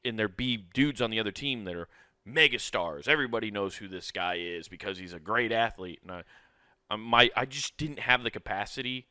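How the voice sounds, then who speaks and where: A man's voice: lowish voice, brisk, pushed and bright, smooth, no echo, studio quality. A man hosting a podcast, telling stories in casual chat, laughing often and swearing freely. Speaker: podcast host.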